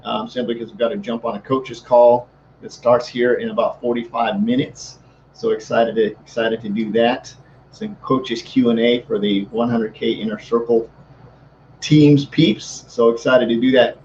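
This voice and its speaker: A man's voice: medium pitch, fairly even intonation, normal speed, darkish tone. Upbeat man hosting a live stream. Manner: upbeat, repeats words and restarts. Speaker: host. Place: Saint Louis. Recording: slightly dull with faint noise.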